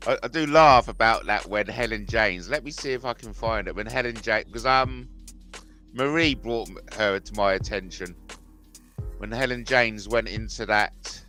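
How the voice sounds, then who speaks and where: Male livestream host, unhurried and chatty, bright edgy voice, comments on clips with chuckles. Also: fairly low pitch, soft background music. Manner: rambling, chuckling, mimics clips in mocking voices.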